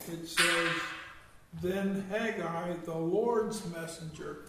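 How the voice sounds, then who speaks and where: A man in a Bible study class reading haltingly from his book and chiming in. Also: on the high side, creaky, sharp tone. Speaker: class participant. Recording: distant, echoey room with noise.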